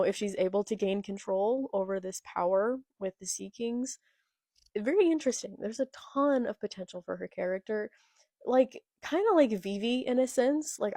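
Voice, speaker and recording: A woman's voice: medium pitch, warm tone, no echo. A young woman talking casually and enthusiastically as she recaps and reacts to a manga she is reading. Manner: enthusiastic, gushing. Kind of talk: casual chat.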